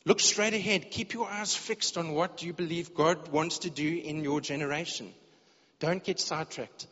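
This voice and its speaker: A man's voice: a little high, fairly even intonation, moderate pace, sharp tone. Preacher man in an echoing church hall. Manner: earnest, repeats words when searching for phrasing. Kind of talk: sermon. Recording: dull lo-fi sound with long hall reverb.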